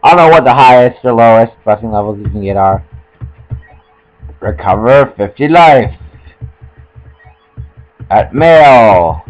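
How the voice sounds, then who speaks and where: A man's voice: medium pitch, expressive, unhurried, long pauses, highs cut off, soft background music. A young man giving casual, joking commentary while playing a video game, often stumbling over his words and poking fun at himself. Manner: joking, self-mocking, trips over words. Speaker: let's play gamer.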